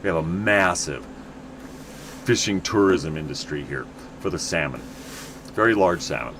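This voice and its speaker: A man's voice: low-pitched, expressive, normal speed, background noise. A middle-aged man from the United States, chatting in a rambling, casual way while streaming a game. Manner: rambling, chatty, many restarts.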